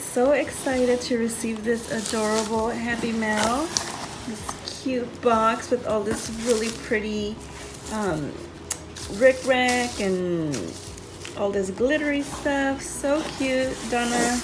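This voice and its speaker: Gushing woman with slow, unhurried speech. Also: fairly high pitch, background noise. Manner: gushing, excited, says "so cute" often. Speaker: craft channel host. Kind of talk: casual unboxing vlog.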